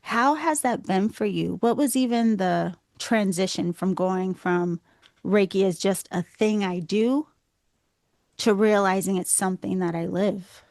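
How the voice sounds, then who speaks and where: A woman's voice: medium pitch, unhurried, darkish tone, dry recording, studio quality. A woman with a Boston accent hosting a podcast interview, effusive and full of praise for her guest. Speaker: podcast host.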